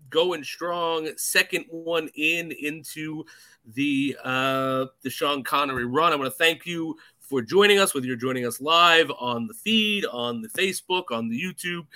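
A man hosting a casual podcast, his voice pitched a bit high and very bright. He talks in an animated, joking way, tossing in quick asides. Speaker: podcast co-host. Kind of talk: casual chat.

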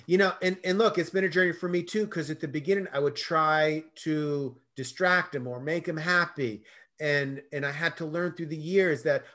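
A middle-aged man, a guest in an interview, telling stories expressively and acting out the dialogue. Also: high-pitched. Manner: expressive storyteller, acts out dialogue. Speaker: guest, self-love coach. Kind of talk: animated conversational interview.

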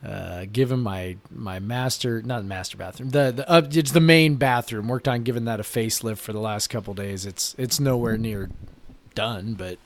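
A man's voice: on the low side, normal speed. A male podcast co-host chatting casually from his basement, sounding tired and frustrated and leaning hard on "like.". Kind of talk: casual chat. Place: home basement.

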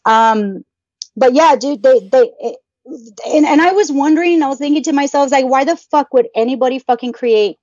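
A woman co-hosting a podcast who swears at every turn and rants in playful mock anger. Her voice sits a little high. The sound is dry and dull, with a lo-fi edge. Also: a little mellow, no room sound. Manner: swears constantly, mock-angry ranting. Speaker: podcast co-host. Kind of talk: profane casual podcast chat.

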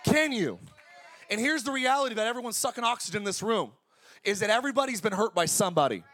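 A man in his forties preaching a sermon as pastor, energetic and conversational, with jokes. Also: high voice, fast talker. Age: 40s.

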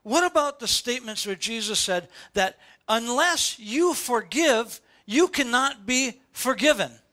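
An older man preaches a sermon from the pulpit, his voice pitched high and ringing bright. He drives his points home with repeated, rising questions to the congregation. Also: lively intonation, measured pace. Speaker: pastor. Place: church sanctuary before a congregation.

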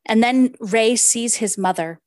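A woman's voice: a little high, unhurried, a little mellow, dry recording. A woman co-hosting a book podcast, chatting casually, recapping the plot and reading passages from a novel aloud. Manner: apologizes for her Spanish pronunciation. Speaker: podcast co-host.

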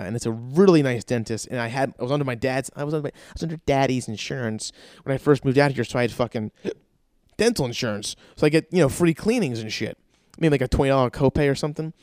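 A man's voice: medium pitch, darkish tone, no echo, studio quality. A man in his thirties doing a profane, rambling comedic rant and jumping into other people's voices. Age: 30s. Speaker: stand-up comedian.

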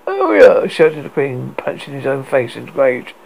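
A man's voice: mid-range voice, fairly even intonation, measured pace, gravelly, darkish tone, breathy edge, rough recording. A man reading a story aloud with a stumbling delivery, often restarting words.

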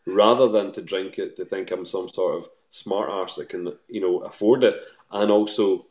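A man's voice: low-pitched, steady tone, normal speed, darkish tone, roomy sound. A Scottish man, a guest, chatting in a rambling, self-mocking way about his life. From Scotland. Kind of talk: casual chat.

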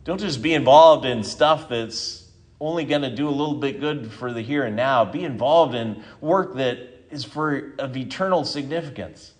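A man's voice: mid-range voice, normal speed. A middle-aged man, a pastor, preaching a conversational sermon that closes in prayer.

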